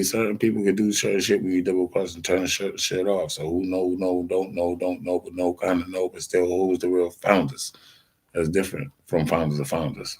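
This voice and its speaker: A man's voice: low-pitched, darkish tone. A man in his forties telling a rambling personal story in a profane, streetwise, digressive way, often acting out what other people said. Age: 40s.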